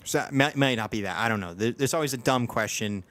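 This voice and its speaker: A man's voice: medium pitch, fast, a bit bright, slight background noise. A man hosting a podcast, chatting casually and rambling through many restarts and fillers. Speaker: podcast host. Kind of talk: casual chat.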